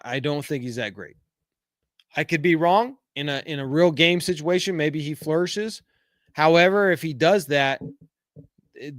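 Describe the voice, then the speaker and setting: This podcast host is a middle-aged man whose slightly high, somewhat bright voice carries a casual live-chat show. He reads out viewer comments and rambles through candid opinions full of filler words. The sound is dry and cleanly studio-recorded.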